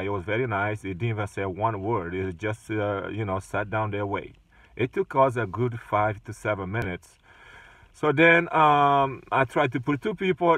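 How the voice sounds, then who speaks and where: A man's voice: medium pitch, a bit bright, no room sound, distant mic. Hesitant male rideshare driver recounting. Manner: hesitant, many fillers and restarts. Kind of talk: casual retelling of an incident.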